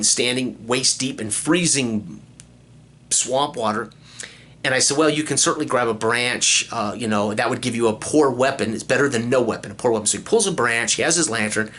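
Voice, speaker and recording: Bright-voiced male game master recapping. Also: mid-range voice, normal speed. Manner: animated retelling, quoting himself and the player. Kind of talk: session recap storytelling.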